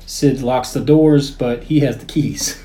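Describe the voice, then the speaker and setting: A man co-hosting a podcast, walking through a film's plot step by step with casual pauses. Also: medium pitch, fairly even intonation, warm tone. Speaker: podcast co-host. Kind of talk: casual chat, recapping a film. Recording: echoey room, faint background noise.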